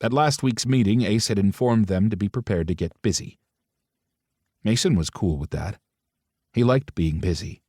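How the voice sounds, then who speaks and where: A man's voice: fairly low pitch, moderate pace, mellow, no echo, studio quality. A man narrating a romance audiobook, switching into different voices for the characters' dialogue.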